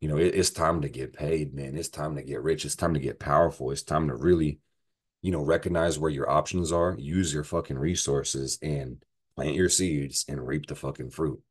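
A man's voice: a bass voice, fairly even intonation, normal speed, slightly rough. A man giving a casual astrology forecast, profane and rambling, joking as he goes through the week. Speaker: astrology vlogger.

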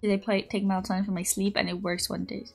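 A young woman streaming, chatting casually and rambling through a story, with high squeals when she greets viewers. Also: level tone, quick pace, gravelly, slightly rough, soft background music. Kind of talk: casual chat.

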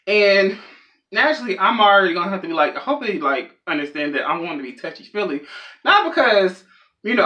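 Lively bright-voiced young man. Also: a little high. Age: young adult. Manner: animated, rambling, self-mocking. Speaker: comedian vlogger. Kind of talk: comedic storytelling monologue.

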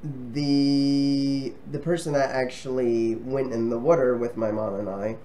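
A man of ordinary middle pitch chats easily to his viewers in a relaxed vlog. He rambles and restarts his sentences, with many ums along the way. A faint hum of ambient noise sits behind him. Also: unhurried. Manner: friendly and chatty. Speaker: travel vlogger. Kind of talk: casual talk to camera.

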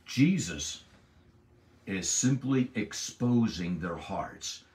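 A man giving a Bible lesson in a deliberate, emphatic way, asking his listeners rhetorical questions. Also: low voice, expressive, darkish tone, echoey room, distant mic. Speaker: Bible teacher. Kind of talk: Bible teaching.

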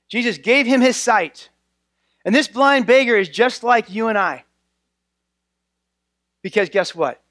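Preaching from the pulpit, this pastor has a strikingly high voice that sounds pushed and bright. He's earnest and keeps repeating key phrases for emphasis, captured in a close, dry recording with hardly any echo.

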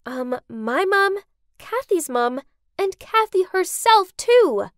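A woman voicing an outspoken, indignant young bride from a rich family in an animated story. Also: slow, no echo, clean studio sound, heavily acted. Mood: firm. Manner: emphatic, high-pitched outbursts.

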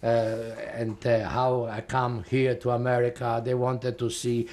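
A man's voice: medium pitch, little pitch movement, darkish tone. Older man with a Polish accent. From Poland. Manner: rambling, halting, with frequent fillers and repeated words. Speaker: interviewee, Holocaust survivor. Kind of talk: oral history testimony.

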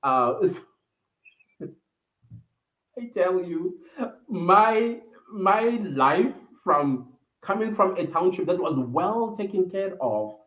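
A man's voice: high-pitched, big pitch swings, a little slow. Man reminiscing, tinny echoey sound. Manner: reminiscing, meandering with fillers. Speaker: vlogger hosting a livestream. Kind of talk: personal storytelling. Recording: echoey room over a tinny phone-like line.

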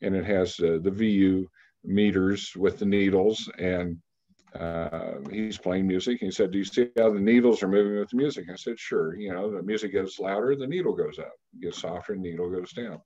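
A man in his sixties from Kansas, a radio interview guest telling a story at a measured pace with frequent pauses and fillers. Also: low voice, mellow, dull audio. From Kansas, United States. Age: 60s.

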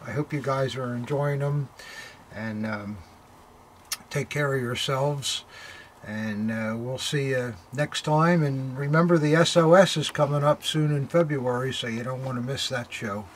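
Relaxed and hesitant, an older man of medium pitch talks through an unboxing, stopping on fillers and exclaiming in awe at what he finds. He deals in militaria and hosts these unboxings; there's faint noise in the recording.

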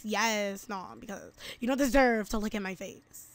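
This gaming chat features a giggly, talkative woman host who keeps calling her friend "girl" and chanting teasing taunts while she plays. She speaks at medium pitch and a moderate pace, and the recording is dry.

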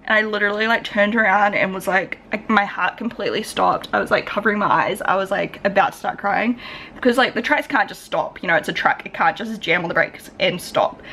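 A woman's voice: mid-range voice, brisk, bright, forceful tone, a little hiss or hum. A young woman with a New Zealand accent chatting casually to camera in a home vlog, full of "like" fillers. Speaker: vlogger.

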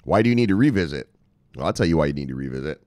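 A man's voice: extremely low pitch, very animated, racing, darkish tone, dry recording. A man hosting a crypto news show, talking casually with lots of swearing, laughter and playful asides. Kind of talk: casual profane news commentary.

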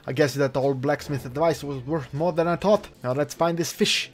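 A man's voice: fairly high pitch, a little slow, faint music behind. Playful, jokey male gameplay commentator. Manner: playful, jokey, chuckling, mock-outraged swearing. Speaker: gaming channel host. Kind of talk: let's play commentary.

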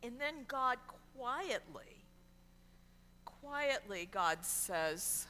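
A woman pastor preaching a sermon in a church, telling the story with wry humor and sudden quiet drops. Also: medium pitch, animated, measured pace, big-room sound, slight background noise. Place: church sanctuary.

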